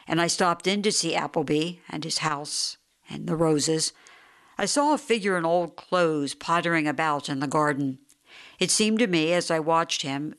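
Steady female audiobook narrator. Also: low-pitched. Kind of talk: audiobook narration of a short story.

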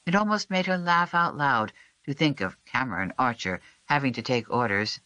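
An audiobook narrator reading a historical novel in a measured, even storytelling voice. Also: medium pitch, clear, resonant tone, no echo. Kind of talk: scripted narration.

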